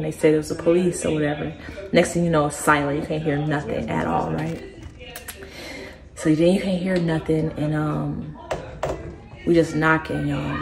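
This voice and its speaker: A young woman vlogger telling a personal story in a casual, animated way. She keeps addressing her listeners directly. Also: sits low. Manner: acts out other people's words as she tells it.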